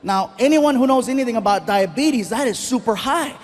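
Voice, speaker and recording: A man's voice: very high-pitched, brisk. A man in his thirties performing a stand-up comedy set, telling stories and acting out the voices of the people in them. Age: 30s. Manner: animated storytelling, acts out other people's voices.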